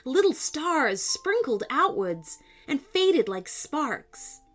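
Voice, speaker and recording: Woman narrator for kids' stories, slow and animated, higher register. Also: soft background music. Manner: animated, expressive reading with sound effects. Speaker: storyteller. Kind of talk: children's story narration.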